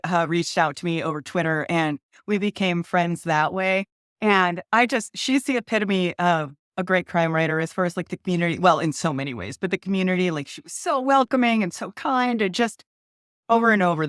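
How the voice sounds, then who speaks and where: A woman's voice: fairly low pitch, no room sound, clean studio sound. A woman from Ohio, an author guesting on a podcast, chatting in a bubbly way and laughing often. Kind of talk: casual interview chat.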